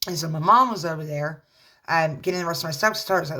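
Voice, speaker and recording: A woman, a mother, talking casually to her viewers in a rambling, halting way with lots of fillers, earnestly offering religious encouragement. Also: low voice, bright, forceful tone. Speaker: vlogger. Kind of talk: casual talk to camera.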